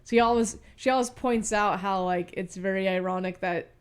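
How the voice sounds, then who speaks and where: A woman's voice: mid-range voice, clear, resonant tone. A woman co-hosting a podcast, teasing and pushing back in casual chat. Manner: quick, teasing, pushes back. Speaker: podcast co-host.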